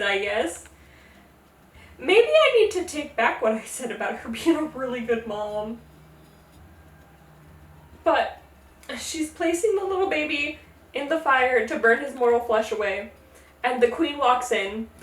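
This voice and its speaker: A woman hosting a casual, jokey retelling of a myth, slipping into quick character voices. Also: high-pitched, echoey room, distant mic. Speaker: podcast host. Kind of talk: casual tipsy mythology retelling.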